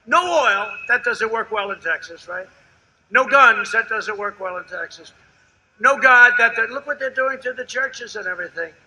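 An older man addresses a rally in a very bright, brassy voice that sits fairly high for a man. He brags and repeats himself, rambling from point to point. He swings from shouted lines to low, confiding asides. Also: expressive, normal speed, poor audio. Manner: boastful, rambling, repetitive, shifts between loud shouting and hushed asides. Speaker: politician at a campaign rally. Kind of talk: rally speech. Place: outdoor rally before a large crowd.

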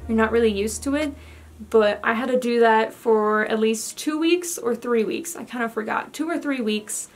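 A woman's voice: on the high side, moderate pace. A young woman giving a casual vlog update, chatty and candid with lots of fillers, a little out of breath. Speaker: vlogger.

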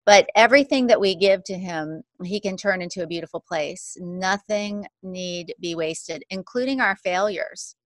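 Heartfelt woman with a lowish, dry voice. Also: normal speed, few pauses, no room sound. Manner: warm and heartfelt, talks in vivid images. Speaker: guest, counselor. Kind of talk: faith-based podcast conversation.

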